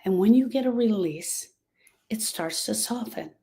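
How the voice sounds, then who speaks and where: A woman's voice: mid-range voice, animated, a little slow, gravelly, mellow, husky. A woman hosting a live stream on grief, speaking earnestly and directly to viewers and repeating her key phrases for emphasis. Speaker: grief support host.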